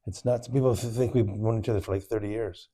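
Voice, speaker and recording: A man's voice: fairly low pitch, steady tone, fast talker, warm tone. A man co-hosting a podcast in casual conversation, mostly giving brief, agreeable replies. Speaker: podcast co-host. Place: indoors, in-person studio.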